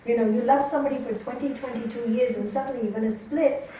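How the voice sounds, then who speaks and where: A woman with a fairly high voice talks quickly as she delivers a yoga teacher training lecture, telling lively stories and putting questions to her students. The course room is echoey, and she sounds distant against faint background noise.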